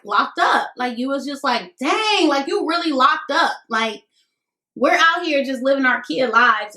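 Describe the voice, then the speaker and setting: A woman in her twenties telling a casual storytime vlog, chatty and animated, talking straight to viewers. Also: fairly high pitch. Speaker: vlogger. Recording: echoey room.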